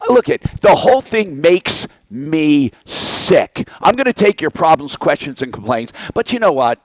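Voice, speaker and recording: A man hosts a call-in show with a fired-up, profane rant, his voice leaping up and down as he pounds out rhetorical questions. His pitch sits on the high side for a man. The sound is dry and dull, like a lo-fi recording. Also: very animated, measured pace, no echo. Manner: heated, blunt and profane, hammering rhetorical questions. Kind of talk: angry political rant.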